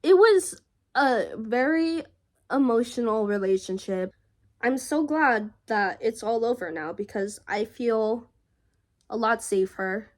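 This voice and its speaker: A young woman vlogger telling a personal story in a halting, emotional way, with frequent fillers and pauses. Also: on the high side.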